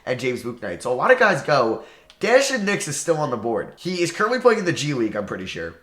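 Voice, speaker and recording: Man, New York accent, casual gameplay commentary, thinking out loud, echoey room. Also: mid-range voice, quick pace. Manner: chatty, excitable, self-deprecating, thinks aloud. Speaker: gaming YouTuber. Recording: roomy echo.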